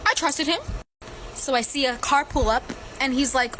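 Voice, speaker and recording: A woman with a high, bright voice tells a story with brash energy. She swears freely and keeps it loose and casual. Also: moderate pace, a little hiss or hum.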